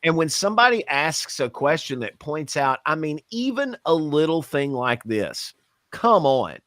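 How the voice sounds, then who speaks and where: A man's voice: a little high, sing-song, measured pace, a bit bright, no echo, clean studio sound. A man co-hosting a casual podcast, ranting bluntly and swearing. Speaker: podcast co-host.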